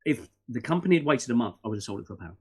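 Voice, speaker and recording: A middle-aged man, a podcast guest in casual interview chat who talks in animated, rambling bursts with many restarts and fillers. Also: medium pitch, racing, breathy edge.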